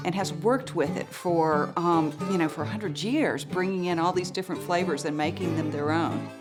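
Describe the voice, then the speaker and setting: A woman's voice: fairly low pitch, normal speed, loud music behind the voice. A woman explaining regional barbecue in a thoughtful, explanatory manner.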